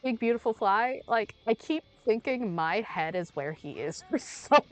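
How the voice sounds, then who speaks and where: A young woman streaming a game and chatting casually, rambling and playful, with sudden loud outbursts, while she is under the weather. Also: a little high, lively intonation, moderate pace. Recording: faint music behind.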